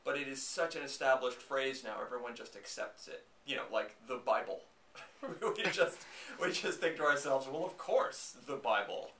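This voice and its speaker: A man's voice: medium pitch, normal speed, far from the mic. A man hosting a casual, snarky chat about movies, rambling with many fillers. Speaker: podcast host. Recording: echoey room, off-mic, faint noise.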